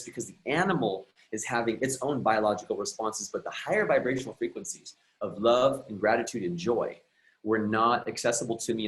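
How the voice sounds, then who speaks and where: A man's voice: lowish voice, rough recording. A man speaking as a guest coach who tells a personal story earnestly and reflectively, often restarting his sentences. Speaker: guest, emotional and relationship coach.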